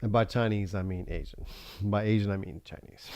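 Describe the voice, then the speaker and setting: A man's voice: fairly low pitch, fairly even intonation, normal speed, darkish tone, no room sound. Profane, rambling man on a livestream. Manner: rambling, profane, laughs often. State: high. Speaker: livestream talk show host. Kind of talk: casual profane monologue.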